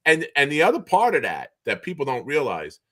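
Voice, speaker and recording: A man from the New Bedford, Massachusetts area, telling stories as an interview guest, animated and chuckling, with frequent restarts. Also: fairly high pitch, a little fast. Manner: animated storyteller, chuckles often, trails off in restarts. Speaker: guest, former basketball player and show co-host. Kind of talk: casual storytelling interview.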